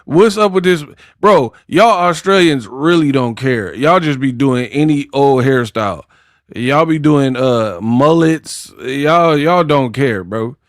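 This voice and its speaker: Slow, joking boxing commentator man. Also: mid-range voice, expressive, no echo, studio quality. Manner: trash-talking, joking, breaks into song and mock accents.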